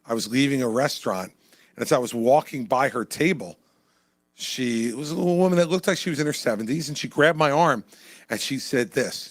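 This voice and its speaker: At an indoor town hall, this presidential candidate talks fairly quickly in a medium-pitched voice. His stump speech and Q&A are punchy and conversational, with lines repeated for emphasis.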